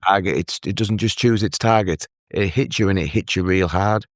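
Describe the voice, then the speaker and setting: An earnest man telling his own story as a guest in an interview, halting and restarting as he speaks. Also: deep voice, no echo, studio quality. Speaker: guest, mental health advocate. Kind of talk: emotional personal story in an interview.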